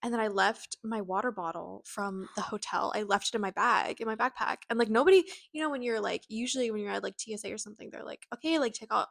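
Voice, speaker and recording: Young woman, podcast co-host, animated anxious storyteller, mid pitch, dry close mic. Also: quick pace, gravelly, hardly any pauses, no room sound. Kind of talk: casual chat.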